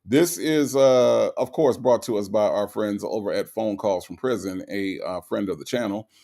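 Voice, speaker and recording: A man's voice: on the low side, normal speed, creaky. A man hosting an online commentary show, talking casually and sarcastically to his viewers with lots of asides. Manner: animated and sarcastic, with frequent fillers and asides. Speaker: host of a commentary channel.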